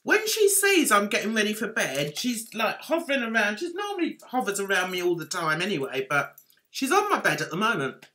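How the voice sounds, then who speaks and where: A woman's voice: mid-range voice, very animated, fairly quick, sharp tone. A woman chatting casually on her livestream, playful and laughing at her own jokes. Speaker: livestream host.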